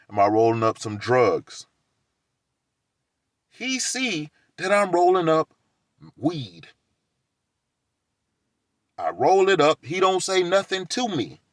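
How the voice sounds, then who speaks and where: A man's voice: medium pitch, fairly bright tone, dry recording. Rambling man in a dry, close room. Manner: rambling, laughs between lines, acts out quoted exchanges. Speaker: vlogger telling a story. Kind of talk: casual rambling monologue.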